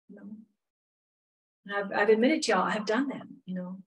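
A middle-aged woman leads a women's Bible study at a moderate pace, her medium-pitched voice fairly even and often pausing. Candid and talkative, she throws in lots of "you know" asides, and the mic picks her up from a little way off.

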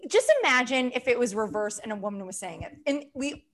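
A woman's voice: a little high, brisk. A woman with a thick New York accent, telling stories bluntly and wryly in a casual chat. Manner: storytelling, blunt, wry. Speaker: guest.

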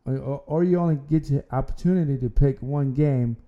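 A man's voice: mid-range voice, a little fast, narrow, tinny audio. A man hosting an amateur sports podcast, talking casually and rambling, often repeating words and restarting his sentences. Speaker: podcast host.

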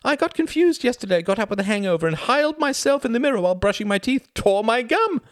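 Male reader voicing a loud, tipsy flirt: shrill high falsetto, teasing, brash, dry close sound. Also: sing-song, fast talker, no room sound.

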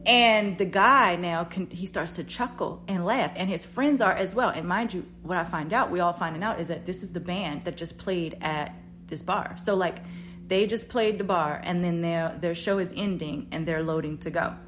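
A woman podcast host telling a story in a casual, animated, profane way, her voice jumping up loud when she quotes herself. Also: lowish voice, moderate pace, a little hiss or hum.

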